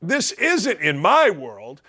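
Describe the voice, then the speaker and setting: A sports talk show host ranting casually with strong opinions, often stumbling and repeating words. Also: male voice, sits high, husky. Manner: halting, repeats words, animated.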